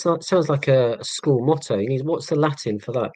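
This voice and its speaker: A man in his forties, from northeast Scotland, hosts a casual live stream and chats through viewer comments. He rambles with frequent ums and restarts, pokes fun at himself, and speaks at a middle pitch. The recording is dry and close, with almost no room sound. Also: moderate pace, a little mellow, no room sound. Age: 40s. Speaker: livestream host.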